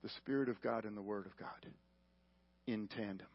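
A man preaching a sermon, emphatic, swinging from loud questions to hushed, quiet lines. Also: lowish voice, fairly even intonation, normal speed, gravelly. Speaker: pastor. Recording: dull lo-fi broadcast audio.

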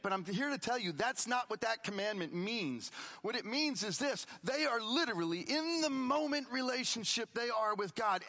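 A middle-aged man preaches to a church, his voice sitting a little high for a man. He talks in a conversational way, pushing key lines out with force and then dropping low and quiet for asides. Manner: conversational preaching, shifts between loud emphasis and quiet asides. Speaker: pastor. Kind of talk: sermon.

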